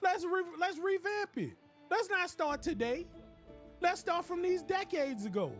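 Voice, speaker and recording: A man streaming a game, riffing in a joking, animated rant with laughs. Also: very high-pitched, measured pace, soft background music. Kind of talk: casual comedic commentary while gaming.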